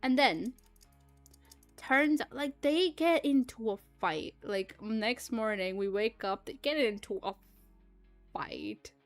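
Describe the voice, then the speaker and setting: A young woman livestreaming, telling a rambling, animated story full of fillers, swearing and laughter. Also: a little high, slow, faint music behind. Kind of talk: casual storytelling chat.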